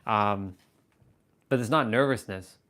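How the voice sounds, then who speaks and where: Laid-back man chatting on a livestream. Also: on the low side. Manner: rambling and self-amused, drops to a slow hushed intensity. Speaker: livestream host. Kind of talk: casual livestream chat. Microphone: camera on tripod at eye level.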